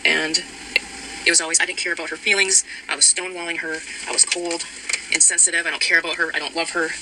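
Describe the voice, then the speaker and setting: A woman's voice: on the low side, level tone, fast. A woman recounting a personal account in a voice note, hesitant, with many ums and restarts. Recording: voice note with loud background noise.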